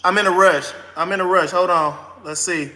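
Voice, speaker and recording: A high, very bright-voiced man bubbling over with hurried excitement, saying the same thing twice or three times as he rushes through a comic skit. His voice rings around a bare, echoey room with a long reverb tail. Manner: excitable, rushed, repeats himself constantly. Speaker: host of a credit advice channel. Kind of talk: comic skit applying for a credit card.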